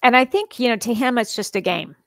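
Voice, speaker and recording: Earnest, animated woman podcast guest. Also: a little high, fairly quick, dry recording. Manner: animated, laughs often, earnest storytelling. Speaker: podcast guest, psychologist and author. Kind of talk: casual conversational interview.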